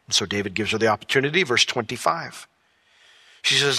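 A man teaching a Bible study in a conversational way. He acts out imagined dialogues with lively voice changes and reads scripture in a lower, softer tone. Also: brisk, husky, dry recording, studio quality, in a large hall.

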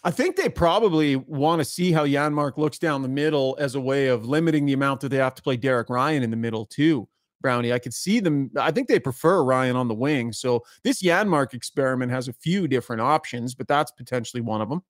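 A man hosting a sports podcast, upbeat and quick to laugh, moving briskly between segments and reading ads. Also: medium pitch, dry recording, clean studio sound. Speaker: podcast host. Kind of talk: casual sports talk and ad reads.

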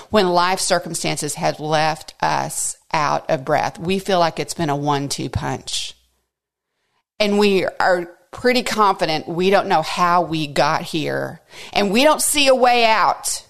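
A woman's voice: lowish voice, creaky. A woman hosting a devotional podcast, teaching through a psalm in an earnest, conversational way and asking listeners direct questions. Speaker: podcast host teaching scripture.

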